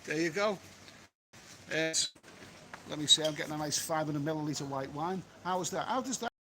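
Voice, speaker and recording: A man's voice: fairly high pitch, moderate pace, bright, forceful tone, slight background noise, low-quality recording. A man doing a rambling live-stream chat, reading out and answering viewer comments by phone from an outdoor beach cafe. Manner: chatty, rambling, repeats himself. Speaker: travel vlogger.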